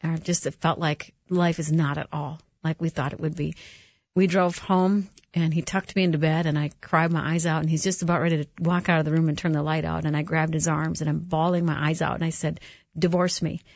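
A woman's voice: low-pitched, little pitch movement, a little fast, vocal fry, a little mellow, no echo, muffled recording. A woman hosting a Christian radio talk show, telling a personal story in an earnest, heartfelt way. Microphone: studio microphone.

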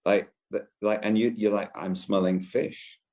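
A man being interviewed as an author guest in a very deep voice. He speaks gently and thoughtfully, often restarting his phrases. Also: steady tone, unhurried. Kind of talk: interview answer.

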